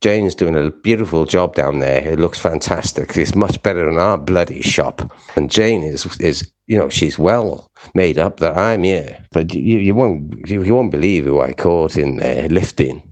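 A deep-voiced man rants through a comic monologue. He talks in aggrieved, gossipy bursts, swearing all the way. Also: lively intonation, moderate pace, darkish tone. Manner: ranting, frequent swearing.

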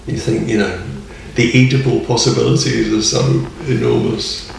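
A man's voice: medium pitch, steady tone, moderate pace, vocal fry, recorded from a distance, slight background noise. A man chatting casually as a podcast guest, rambling and enthusiastic and chuckling often. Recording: echoey room, off mic.

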